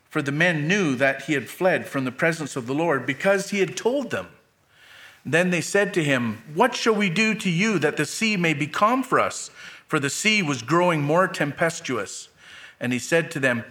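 A man's voice: on the high side, pushed and bright. A middle-aged man preaching a sermon, reading scripture aloud with dramatic lifts for quoted lines and adding plain asides.

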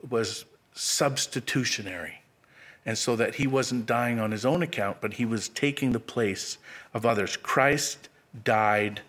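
A man preaching a sermon, acting out quotes with sudden jumps in pitch and dropping to a hushed low voice on key phrases. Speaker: pastor.

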